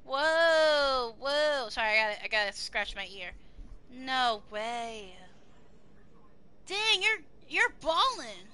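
A young woman streaming live, chatting excitably to her viewers, swearing freely and singing along to music now and then. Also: sits high, slow, slight background noise. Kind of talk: casual live-stream chat.

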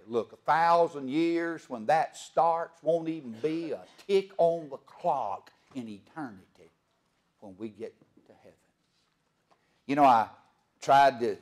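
A man preaching a sermon as pastor. He swings from loud proclaiming to hushed storytelling and asks the congregation rhetorical questions. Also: mid-range voice.

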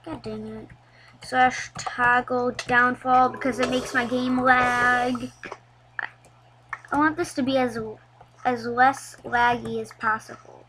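A woman giving casual, chatty commentary over a video game, getting excited and laughing as she plays. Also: fairly high pitch, slow, background noise. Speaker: gameplay commentator.

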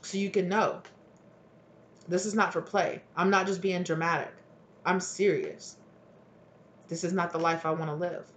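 A tarot reader talking straight to camera at a middle pitch, drifting through restarts and fillers. The reader keeps slipping into both partners' voices to act out an argument. A faint hiss sits under the voice. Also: level tone, normal speed, pauses often, a bit bright. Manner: rambling, acts out dialogue of both partners; filler-heavy with many likes and restarts. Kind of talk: solo tarot reading to camera.

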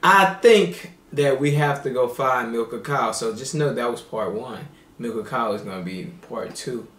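A man's voice: medium pitch, normal speed, a bit bright, reverberant, distant mic, slight background noise. A man hosting a reaction video with his partner, playful and laughing often in casual chat.

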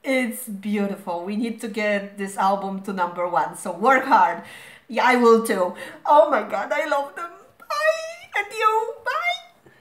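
A woman hosting a reaction video, gushing as an excited fan with a hoarse voice worn out from screaming. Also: medium pitch, a little slow. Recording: echoey room.

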